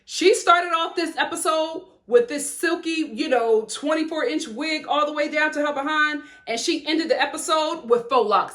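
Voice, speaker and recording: A woman from Chicago giving an opinionated, heated recap of a reality show, sassy and animated with frequent laughter. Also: sits high, moderate pace, hardly any pauses.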